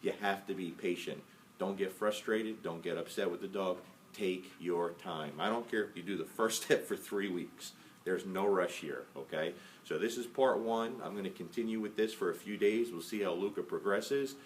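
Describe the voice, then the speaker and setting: A dog trainer calmly explaining each step of a training method, patient and often checking in with "okay?". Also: male voice, sits low, normal speed. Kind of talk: casual instructional demo. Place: indoors at home with a dog. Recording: faint background noise, mic at some distance.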